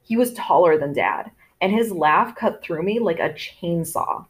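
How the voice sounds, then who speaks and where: Lively, expressive woman reading a story aloud. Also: lowish voice, measured pace. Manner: expressive, voicing characters in turn. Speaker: audiobook narrator. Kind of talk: storytelling narration.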